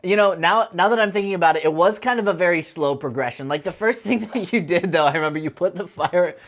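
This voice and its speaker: A woman's voice: lowish voice, quick pace. A young woman co-hosting a casual chat show, teasing playfully and giggling as she recalls a story. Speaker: co-host.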